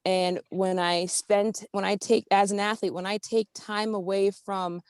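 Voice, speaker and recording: A woman's voice: medium pitch, flat delivery, unhurried, smooth, no room sound. A woman athlete on a video call, giving casual advice with some fillers. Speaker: athlete, webinar participant.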